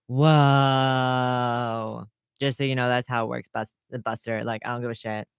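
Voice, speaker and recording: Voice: mid-range voice, level tone, fast, creaky, a bit bright, smooth, dry recording, clean studio sound. A vlogger recounting an online argument in a profane, indignant rant, reading the other side's comments aloud in acted voices. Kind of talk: casual vlog rant.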